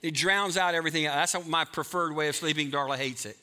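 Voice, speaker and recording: Bright-voiced man preaching a sermon. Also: on the high side, quick pace, smooth. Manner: emphatic, swings from loud to hushed. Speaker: pastor.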